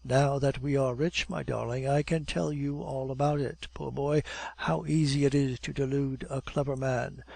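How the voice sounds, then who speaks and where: A man reading the part of a devoted, adoring young woman in an audiobook, in a gentle, earnest manner. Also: mid-range voice, steady tone, moderate pace, gravelly, dry recording. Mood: tender.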